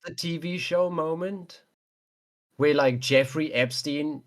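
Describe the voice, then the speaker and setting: A man's voice: a little high, slow pace. Sarcastic man on a podcast. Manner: sarcastic, swearing. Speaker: podcast co-host. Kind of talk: casual chat.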